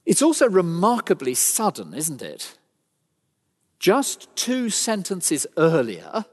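A man preaching a sermon, emphatic and rhetorical, with dramatic pauses. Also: on the high side. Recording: long hall reverb.

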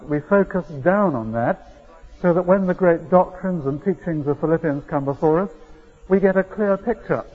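A man's voice: on the high side, husky. A middle-aged man preaching a sermon in a conversational, storytelling manner with rising emphasis. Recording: dull lo-fi recording.

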